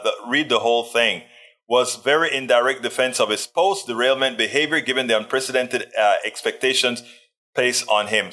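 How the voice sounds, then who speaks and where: A man's voice: mid-range voice, pushed and bright. A man hosting a livestream in a casual chat, reading viewer comments aloud and adding joking asides. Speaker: livestream host.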